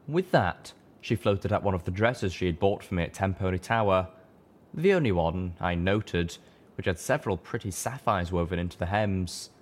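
A man's voice: deep voice, normal speed. A man reading a fan-fiction audiobook aloud, narrating steadily in the first person.

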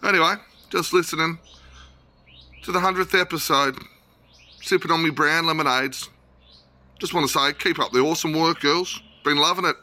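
Man doing a relaxed Australian man, bright and a bit high, recorded message from a distance. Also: moderate pace, long pauses. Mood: cheery. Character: laid-back Australian man impression. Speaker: caller sending a recorded message.

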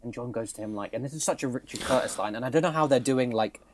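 A man's voice: medium pitch, fast talker, a little hiss or hum. A young man, co-host of a casual podcast, animatedly recounting a film plot with laughs and swearing. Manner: animated, laughing, swearing, acts out quoted lines.

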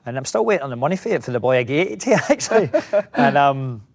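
A middle-aged Scottish actor, a guest in a casual interview, rambling through anecdotes with many restarts. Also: male voice, medium pitch, big pitch swings, quick pace.

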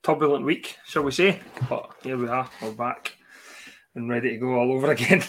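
A man hosts a casual football podcast at a middling pitch. He is chatty, laughs often and jokes easily with his guests. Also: moderate pace, fairly bright tone, a little hiss or hum. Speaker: podcast host.

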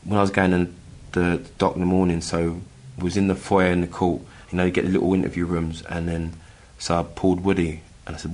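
A middle-aged man from England telling a personal story in casual chat, halting with many restarts and acting out the voices he quotes. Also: low voice, level tone, darkish tone. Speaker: guest telling his story.

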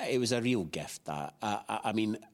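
A man's voice: on the low side, expressive, normal speed. A middle-aged man, an actor being interviewed, talking in a chatty, rambling way with many restarts. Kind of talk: casual interview chat.

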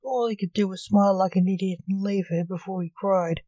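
A woman reading a short story aloud in a slow, measured way. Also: medium pitch, fairly even intonation, dark tone, no echo, poor audio.

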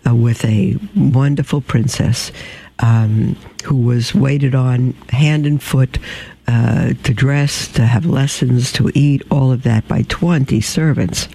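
Male storybook reader, dark mellow tone, creaky and gravelly, measured delivery. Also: mid-range voice, steady tone, low-quality recording. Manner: measured, unhurried reading with small slips and throat clearing. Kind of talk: reading a storybook aloud.

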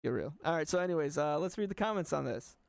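A man's voice: fairly high pitch, lively intonation, fast talker, vocal fry, no echo. A man co-hosting a casual podcast, laid-back and swearing, reading out listener polls and comments. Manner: laid-back, swearing, reads poll results.

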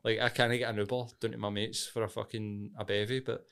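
A man's voice: on the low side, little pitch movement, brisk, fairly bright tone, smooth. A Glaswegian man co-hosting a podcast, chatting bluntly and swearing heavily. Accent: Glaswegian Scottish. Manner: blunt, heavy swearing, laughs often. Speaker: podcast co-host. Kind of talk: casual chat.

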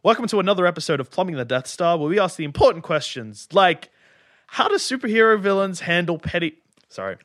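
A man's voice: sits high, sing-song, fast talker, fairly bright tone, no echo, clean studio sound. A man hosting a podcast, who keeps fumbling the intro between laughs and swearing. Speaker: podcast host reading the intro. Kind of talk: casual chat, repeated intro takes.

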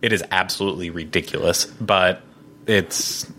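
A man's voice: sits low, normal speed, pushed and bright, a little hiss or hum. A man hosting a casual podcast chat, talking enthusiastically and rambling through restarts. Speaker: podcast host.

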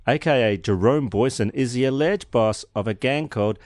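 A man's voice: medium pitch, moderate pace, a little mellow, no room sound, studio quality. A young man, co-hosting a casual podcast with a joking, sarcastic and sweary manner. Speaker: podcast co-host. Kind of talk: casual chat.

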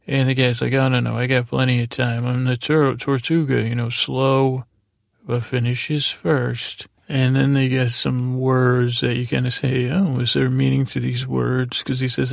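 A man's voice: medium pitch, level tone, measured pace, gravelly, no room sound, clean studio sound. A man hosting a sleep podcast, loosely retelling TV scenes in a meandering bedtime ramble.

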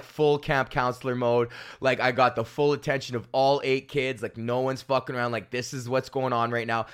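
A man hosting a podcast, telling a story in a loose, profane rant and laughing often. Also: mid-range voice. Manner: animated, laughs often, swears freely. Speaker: podcast host and comedian.

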